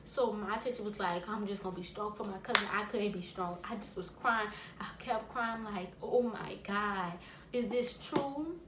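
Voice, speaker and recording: A woman vlogger of ordinary pitch recounts a personal story in a casual, rambling way, full of restarts and asides. The recording sits in a small echoey room, with a soft layer of background noise. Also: fairly even intonation, fairly quick, few pauses.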